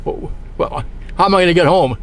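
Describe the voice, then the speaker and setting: Man doing upset stranded woman, insistent, demanding, higher pitched, spoken anecdote. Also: lively intonation, a little fast, gravelly, slight background noise. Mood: pleading.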